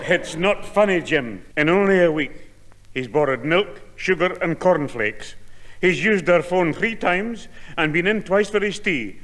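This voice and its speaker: A man's voice: high voice, animated, measured pace, fairly bright tone. An actor playing a grumbling, talkative older Scottish grandfather in a vintage radio comedy. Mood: grumpy. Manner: keeps trying to get a word in, grumbling. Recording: old broadcast with hall reverb and faint hiss.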